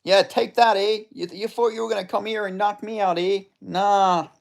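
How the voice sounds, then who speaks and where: A man's voice: high voice, steady tone, moderate pace, gravelly, pitched above the performer's own voice. A man voicing a brash, trash-talking Canadian fighter with a put-on Alberta accent, taunting and tacking 'eh' onto his lines. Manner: taunting, shouty, ends lines with 'eh' and 'hoser'.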